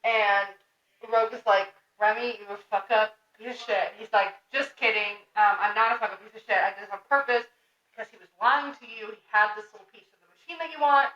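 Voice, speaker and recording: A young woman co-hosting a podcast, recapping a comic in animated, casual talk, laughing and swearing freely. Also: fairly high pitch, fast talker. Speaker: podcast co-host. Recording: roomy, distant, dull lo-fi sound.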